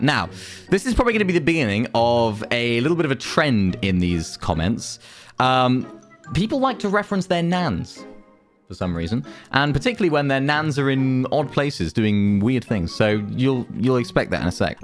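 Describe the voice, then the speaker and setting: Male YouTuber with a sarcastic, animated delivery, soft music underneath. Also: mid-range voice. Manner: dry, sarcastic. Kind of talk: reacting to comments.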